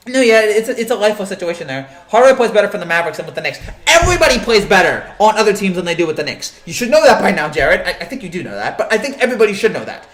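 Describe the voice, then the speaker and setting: A man's voice: high-pitched, sing-song, racing, few pauses, fairly bright tone, reverberant. A man hosting a casual live sports show, rambling and joking as he answers the chat, with many restarts and fillers.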